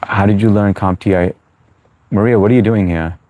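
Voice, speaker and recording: A man's voice: lowish voice, fairly even intonation, moderate pace, warm tone. An American-born man hosting a live chat Q&A, chatty and reassuring, with many fillers as he answers viewers. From United States. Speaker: livestream host. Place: New York.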